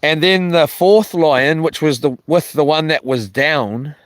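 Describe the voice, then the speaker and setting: A fairly high-pitched man speaks unhurriedly in a dry, studio-quality recording as he rambles to his live viewers during a solo camping trip. He greets people from the chat, strays from the topic, loses his thread and swears a little.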